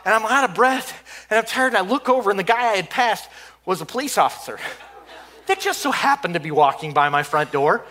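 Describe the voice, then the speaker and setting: Bright, high-voiced man telling a story. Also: brisk. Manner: animated, excitable, many restarts. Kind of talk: comedic personal storytelling.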